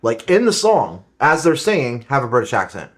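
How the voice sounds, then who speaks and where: A young man on a casual podcast, launching into a mock-outraged rant at a medium pitch. He swears freely and pushes his complaints for comic effect, sounding like a co-host who loves a good gripe. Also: sing-song, moderate pace. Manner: mock-indignant ranting, swearing. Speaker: podcast co-host, strongman competitor.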